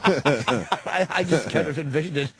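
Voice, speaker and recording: A man's voice: fairly high pitch, a little slow, vocal fry, background noise. Rambling, self-mocking radio co-host man. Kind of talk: casual crude radio banter. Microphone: studio broadcast mic.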